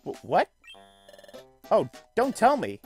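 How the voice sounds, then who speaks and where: A man voicing a friendly young creature in a video game, gentle and encouraging. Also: high voice, huge pitch swings, takes it slowly, slightly rough, faint music behind, voice pushed up, full character voice. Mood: kind.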